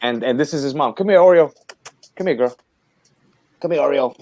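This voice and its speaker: A man hosting a casual chat, excited and loudly calling his dogs. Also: mid-range voice, a little fast, gravelly.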